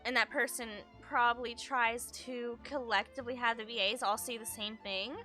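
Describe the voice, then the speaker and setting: A woman's voice: on the high side, fairly even intonation, moderate pace, sharp tone, soft background music. A woman streaming a game, reading its text aloud and adding chatty, musing asides in casual commentary.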